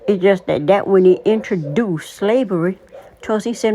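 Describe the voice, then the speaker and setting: A woman in her sixties talking in a casual vlog monologue, deliberate, emphatic and opinionated. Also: lowish voice, mellow. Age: 60s. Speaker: vlogger.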